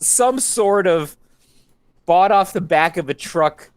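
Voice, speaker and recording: A middle-aged man co-hosting a casual podcast chat, telling animated stories and acting out the voices of people he quotes. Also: high-pitched, slow pace, smooth, no room sound. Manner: animated storyteller, acts out quotes. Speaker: podcast co-host.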